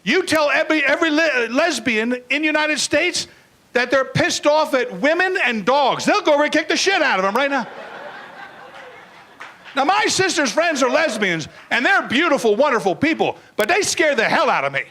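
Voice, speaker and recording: A man's voice: very high-pitched, big pitch swings, moderate pace, bright, forceful tone, poor audio. An older man doing a crude, blunt stand-up comedy routine, acting out bits in put-on voices.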